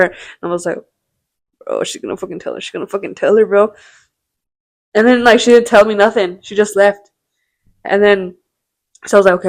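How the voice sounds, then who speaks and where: A woman's voice: medium pitch, no room sound. A young woman in her twenties, a podcast co-host telling long rambling stories in slangy casual chat, full of "bro" and swearing.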